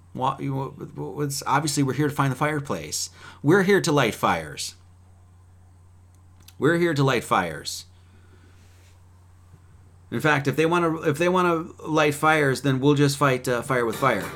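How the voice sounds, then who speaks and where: A man preaching in a fiery, profane way, swinging between loud outbursts and quiet asides. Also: medium pitch, animated, normal speed. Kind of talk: profane sermon-style talk.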